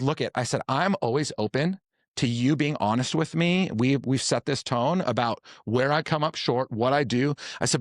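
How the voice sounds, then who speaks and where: A man with a mid-range voice hosts a group conversation and tells a long personal story at an even, steady pace. He walks through the dialogue line by line, repeating "I said" as he goes. The recording is dry and close to the mic. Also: mid-range voice, no room sound. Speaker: host.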